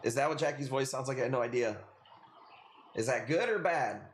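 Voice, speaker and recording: A man's voice: medium pitch, fairly quick. Chatty man with a Chicago accent. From Illinois. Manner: rambling, chatty, laughs often, many fillers. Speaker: livestream host selling corals. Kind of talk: casual livestream chat. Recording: echoey room with faint noise.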